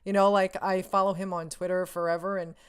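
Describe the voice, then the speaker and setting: A young woman telling an excited story in a vlog, gushing and breathless, packed with "like" and restarts, laughing often as she talks. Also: fairly low pitch, a little fast, clear, resonant tone. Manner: laughs often while talking. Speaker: vlogger.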